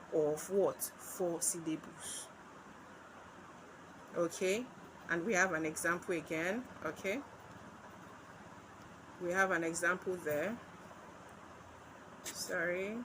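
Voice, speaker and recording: Woman, Nigerian accent, literature tutor, slow deliberate pace, bright tone, faint room hiss. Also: on the low side, poor audio. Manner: slow, repetitive, asks and answers own questions. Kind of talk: exam-prep lesson.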